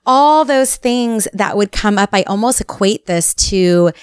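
A woman in her forties with a smooth, resonant voice co-hosts a casual podcast. She talks in a chatty way, with lots of fillers and little acted-out quotes of her own thoughts. The recording is dry and close. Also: mid-range voice, animated, a little slow, dry recording. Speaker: podcast co-host. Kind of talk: casual chat.

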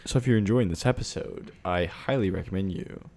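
Young male co-host, lowish voice, easygoing and slangy. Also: vocal fry. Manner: relaxed, slangy, quick to agree. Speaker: podcast co-host. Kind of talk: casual chat.

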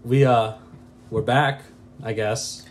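A man's voice: mid-range voice, steady tone, slow. A young man from Mexico, hosting a casual podcast, rambling and laughing often. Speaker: podcast host. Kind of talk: casual chat.

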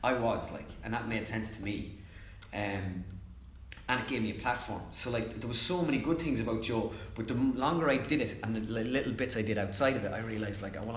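Young irish lad yapping fast, acts out what people said, roomy sound. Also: male voice, fairly low pitch. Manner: fast, chatty storyteller, acts out quotes. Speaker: comedian guest. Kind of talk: casual chat.

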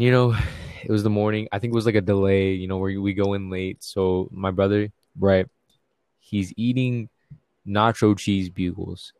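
A man's voice: deep voice, a little mellow, dry recording. A young man telling a rambling, profane, comic story in casual chat.

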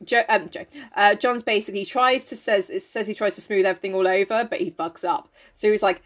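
A young woman co-hosting a casual podcast, animated and sweary, giggling as she reads a novel aloud and comments on it. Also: mid-range voice, brisk, few pauses. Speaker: podcast co-host.

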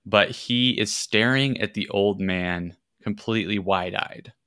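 A man runs a tabletop role-playing game, narrating scenes in a casual, meandering way full of ums and restarts. His voice sits a little low yet sounds bright and forceful. The mic is close and the sound completely dry. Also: a little slow, clean tone, no room sound. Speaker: game master.

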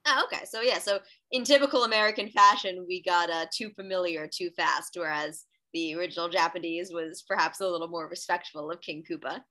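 A woman's voice: fairly low pitch, steady tone, brisk, hardly any pauses, bright, forceful tone. A woman from the US East Coast co-hosting a casual podcast, rambling and thinking aloud with lots of fillers. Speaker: podcast co-host. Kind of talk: casual chat.

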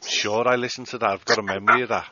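A man's voice: fairly low pitch, fairly even intonation, very fast, highs cut off, very noisy. A man co-hosting a podcast in casual chat, jokey and wisecracking. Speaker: podcast co-host.

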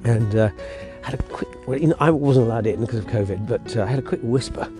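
Out walking his dog, a podcast host tells a rambling, casual story, interrupting himself to chat with the animal. His mid-range voice moves at a quick pace over music.

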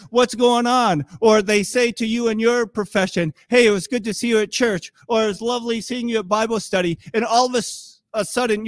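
Male pastor, middle-aged, chatty sermon storyteller, higher voice, dry close sound. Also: no echo. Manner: conversational, animated storytelling with quoted voices.

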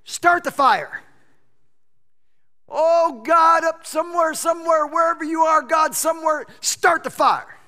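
Man acting out frantic pagan prophets, shouting, pleading, high strained voice, long hall reverb. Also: measured pace, full character voice. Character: frantic crowd of male pagan prophets, desperate.

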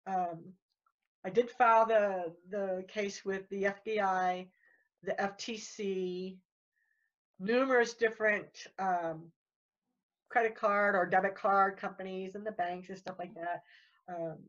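A woman's voice: mid-range voice, steady tone. Woman, guest in casual chat, rambling, repeats herself, dull lo-fi sound. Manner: rambling, repeats words, talks fast when worked up.

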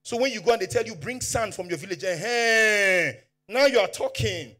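A male Nigerian pastor preaching with a high, husky voice that leaps all over its range. He swings from hushed asides to fervent shouting and slips into Pidgin as he goes. Soft music plays faintly underneath. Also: expressive, normal speed. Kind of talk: preaching a sermon.

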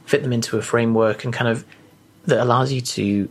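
A man's voice: mid-range voice, steady tone, a little fast, slight background noise. Hesitant man asking questions. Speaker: podcast host. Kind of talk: casual podcast interview.

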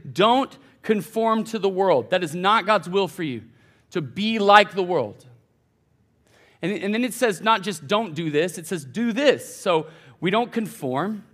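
A young man, preaching a sermon as a college pastor in a conversational way that swings between quiet and emphatic. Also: on the high side. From United States. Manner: conversational preaching, fillers and restarts, swings from soft to loud.

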